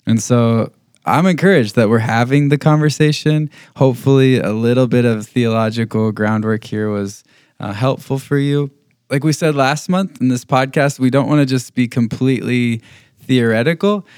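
A man's voice: medium pitch, moderate pace, a little mellow, clean tone, no room sound, studio quality. A man co-hosting a faith podcast, speaking in an earnest, encouraging way. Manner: earnest and encouraging, frequent listening sounds. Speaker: podcast co-host. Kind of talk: casual faith podcast chat.

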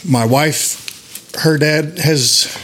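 A man's voice: fairly high pitch, steady tone, very slow, fairly bright tone. A man answers questions on a casual podcast. He keeps his words few and dry, with faint noise in the background. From Texas Panhandle. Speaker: podcast guest.

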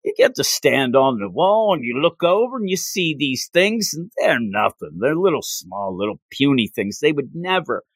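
A man in casual recap chat, animated and joking, often acting out characters' lines in put-on voices. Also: medium pitch, normal speed, few pauses, dry recording. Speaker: show recap co-host.

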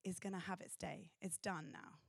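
A woman preaching a sermon in an earnest, pausing way. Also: lowish voice, fairly even intonation, vocal fry, breathy edge, dry recording, clean studio sound.

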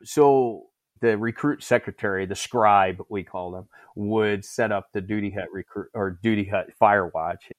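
Animated man telling a story, dry sound. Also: lowish voice, a little slow, dry recording. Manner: animated, acts out shouted quotes. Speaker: former Marine drill instructor telling a story. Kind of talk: casual storytelling interview.

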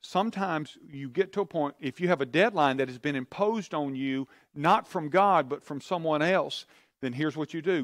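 A man's voice: fairly high pitch, animated, normal speed, fairly bright tone, dry recording, clean studio sound. A man preaching a sermon, telling a personal story in an earnest, confiding way and acting out his own prayers and conversations. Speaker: pastor.

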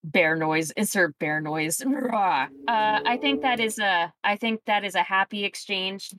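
A woman's voice: medium pitch, normal speed, a bit bright, a little hiss or hum. Rambling woman running a tabletop game. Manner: rambling, many fillers. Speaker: game master. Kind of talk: casual tabletop game chat.

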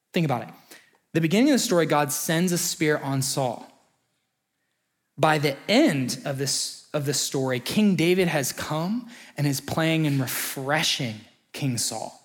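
A preacher giving a sermon, conversational and story-driven, often acting out short quotes. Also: medium pitch.

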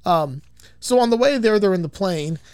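A man's voice: high-pitched, animated, moderate pace, darkish tone, clear, resonant tone. A man casually recapping a film as a podcast host, rambling, swearing and laughing as he goes. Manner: rambling, profane, laughs often. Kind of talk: casual chat.

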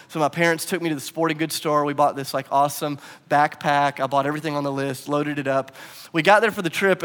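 Man, pastor, sermon, high voice, animated storytelling, reverberant hall. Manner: animated storytelling, acts out quotes.

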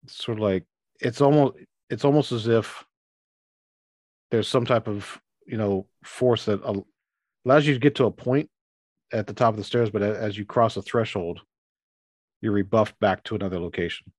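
A man narrating as game master for a tabletop game, halting and restarting his phrases as he describes scenes and voices characters. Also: on the low side, a little mellow, dry recording, clean studio sound.

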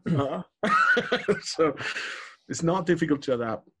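A Spanish-accented man in his forties, from Galicia, chatting easily in an interview. His voice sits at an ordinary middle pitch, and he laughs often and breaks off into fillers and restarts as he talks. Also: huge pitch swings, slow pace, pauses often, a bit bright, slightly rough. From Galicia, Spain. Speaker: interviewee, researcher. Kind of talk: casual interview.

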